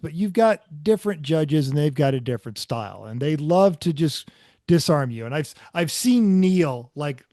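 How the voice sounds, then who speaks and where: A man's voice: a little high, dry recording, studio quality. A man co-hosting a racing podcast, telling judging stories in a casual chat. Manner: storytelling, lively. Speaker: podcast co-host, race judge.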